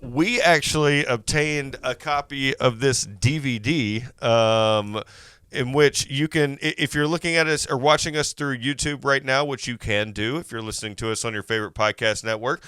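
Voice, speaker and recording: A man's voice: medium pitch, normal speed, a bit bright, clean tone, no echo, studio quality. A man hosting a podcast, leading a casual movie review chat in an upbeat way with lots of fillers. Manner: upbeat, leads the talk with many fillers. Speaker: podcast host.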